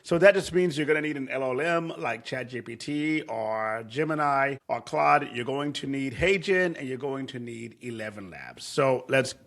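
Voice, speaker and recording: Regular-pitched guy doing a chill screen share tutorial, rambly, lots of ums and restarts. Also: lively intonation, moderate pace, hardly any pauses, fairly bright tone. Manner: loose and conversational, with frequent fillers and restarts. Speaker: tutorial host.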